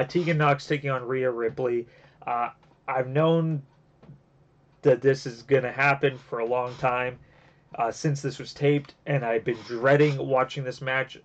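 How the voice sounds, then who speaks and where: Man reviewing wrestling on a lo-fi mic. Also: mid-range voice. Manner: rambling with many fillers and restarts; gets emotional and teary. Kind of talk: casual review podcast. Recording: dull lo-fi home recording.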